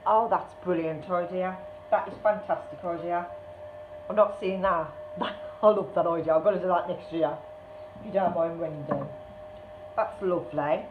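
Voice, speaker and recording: A woman's voice: fairly low pitch, steady tone, moderate pace. A woman chatting casually as she unboxes a parcel on her craft channel, gushing and exclaiming often. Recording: tinny, echoey, noisy room sound.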